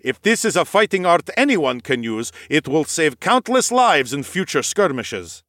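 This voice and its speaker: A man's voice: a little high, sing-song, normal speed, a bit bright, dry recording, studio quality. A man voicing a cheerful male noble warrior who loves battle, speaking in a formal, eager, courtly way in an audiobook. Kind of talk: audiobook character voice.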